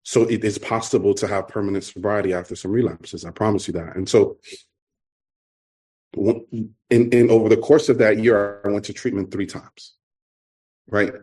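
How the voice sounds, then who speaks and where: A man's voice: lowish voice, fairly even intonation, darkish tone. Earnest man sharing his recovery story. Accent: New York. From New York. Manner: earnest, halting, repeats himself. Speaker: recovery meeting speaker. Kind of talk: personal testimony talk.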